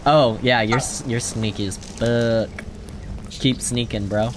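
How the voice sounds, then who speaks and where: A man's voice: medium pitch, steady tone, slow. A young man narrating and running a tabletop game as dungeon master, casual and laughing, swearing freely. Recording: faint background noise.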